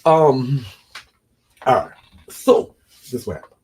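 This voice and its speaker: Man, casual storytelling, rambling, slangy, lively intonation. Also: medium pitch, takes it slowly. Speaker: storyteller recounting his own prison experiences.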